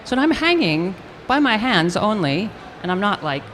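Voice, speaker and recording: Older woman telling a lively stage anecdote. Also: medium pitch, normal speed, slight background noise. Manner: animated anecdote-telling, acting out quotes. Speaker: interview guest, actress. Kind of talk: storytelling in a live stage interview. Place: convention stage with audience hall ambience.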